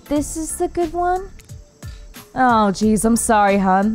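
A woman streamer reacting to a dating game in an animated, self-mocking way, her pitch leaping around as she swears and jokes. Quiet game music hums underneath. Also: slow. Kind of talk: casual game commentary. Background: faint game music.

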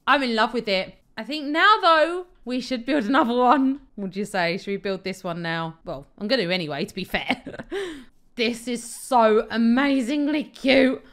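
A young woman gushes and giggles her way through casual game commentary. Her voice sits high and swoops all over the place as she chats away. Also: a bit bright. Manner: bubbly, gushing, giggly. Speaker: Minecraft let's player.

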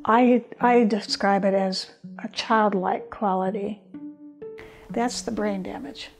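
A woman speaking as an expert in a documentary interview, explaining in a measured way over soft guitar music. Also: mid-range voice, fairly even intonation, vocal fry. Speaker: expert on fetal alcohol disorders.

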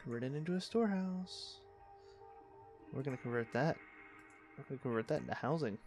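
A man's voice: medium pitch, animated, brisk, darkish tone, soft background music. A young man giving casual, wry running commentary on a city-building game he is playing, with dry sarcastic asides. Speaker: let's play host.

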